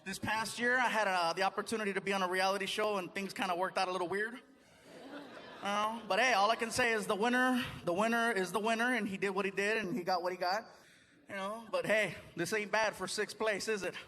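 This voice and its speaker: High-voiced man doing stand-up. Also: brisk, big-room sound. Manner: chatty, animated storytelling to the crowd. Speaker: stand-up comedian. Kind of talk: stand-up comedy set. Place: theater stage before a live audience. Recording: live audience noise and crowd.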